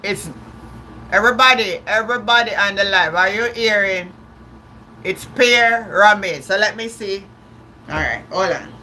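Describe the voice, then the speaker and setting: A woman chats loosely with viewers on a livestream, restarting her sentences and laughing along the way. Her voice is bright and ringing, with a faint hiss behind it. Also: mid-range voice, moderate pace. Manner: chatty, repeats and restarts words, laughs often. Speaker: livestream host. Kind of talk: casual live-stream chat.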